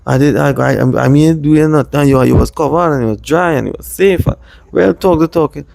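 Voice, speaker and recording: A man from Trinidad with a Trinidadian accent, casually telling a rambling personal story in lively dialect. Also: on the high side, brisk, gravelly, dry recording. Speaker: vlogger.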